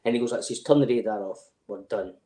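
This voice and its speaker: A man's voice: lowish voice, quick pace, warm tone, roomy sound. Swearing Scottish man telling army stories. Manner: swears freely, laughs through his stories, acts out quoted voices. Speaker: podcast guest. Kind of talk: casual storytelling chat.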